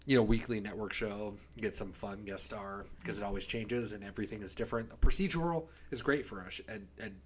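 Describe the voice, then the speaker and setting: A man's voice: lowish voice, a little fast, few pauses, slight background noise. A man co-hosting a casual chat, sarcastic and joking, sometimes slipping into silly voices. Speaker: podcast co-host.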